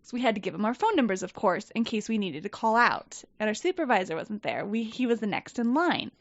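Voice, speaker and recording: A woman telling a story in casual chat, animated and swearing, acting out quoted people. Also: on the high side, fairly quick, dry recording. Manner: animated, profane, quotes people in lively voices. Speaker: podcast guest. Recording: dull, dry podcast mic.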